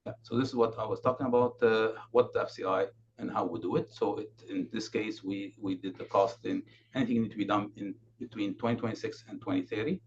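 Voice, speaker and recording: A man giving a consultant's presentation at a council meeting, halting with many fillers and restarts. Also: fairly low pitch, steady tone. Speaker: building condition consultant presenting. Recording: dull lo-fi remote audio, faint noise.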